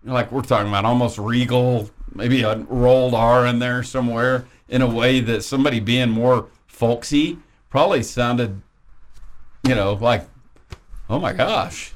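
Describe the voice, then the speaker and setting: A man's voice: medium pitch, steady tone, moderate pace. A man co-hosting a sports talk radio show, chatting casually in a rambling, thoughtful way. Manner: rambling and thoughtful, with many restarts.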